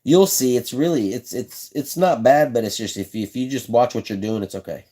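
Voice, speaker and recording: A mellow, mid-range voice, a little fast, belongs to a man live-streaming a casual demonstration of his fishing-rod building. Chatty and laid-back with folksy phrasing, he repeats himself and answers questions from the chat.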